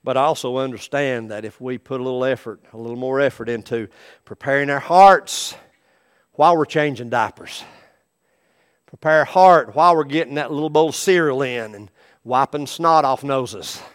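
A middle-aged man preaching a sermon as pastor, animated, acting out the people in his stories. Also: mid-range voice, moderate pace, smooth. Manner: animated preaching, acts out quoted voices.

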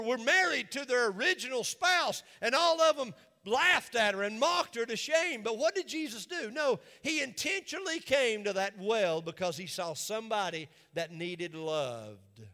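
A man's voice: very high-pitched, expressive, moderate pace, hardly any pauses, sharp tone. A man preaching a sermon in a church, with an emphatic, repetitive cadence. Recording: long reverb of a large hall.

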